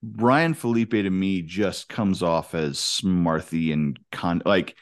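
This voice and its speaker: A man's voice: low voice, takes it slowly. A man co-hosting a podcast, casually and frankly giving his opinions about a film. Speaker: podcast co-host.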